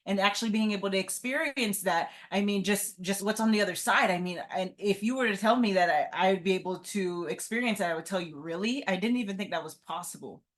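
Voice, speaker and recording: A woman's voice: mid-range voice, brisk, few pauses. A woman guest on an interview podcast, talking earnestly and often adding "right?" to her points. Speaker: guest, entrepreneur. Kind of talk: casual interview talk.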